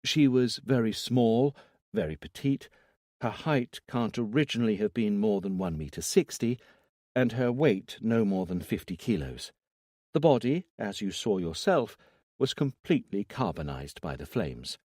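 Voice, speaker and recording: Man doing a calm, clinical woman doctor. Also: lowish voice, unhurried, dry recording, clean studio sound. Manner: neutral, clinical. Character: calm female forensic doctor, neutral and professional.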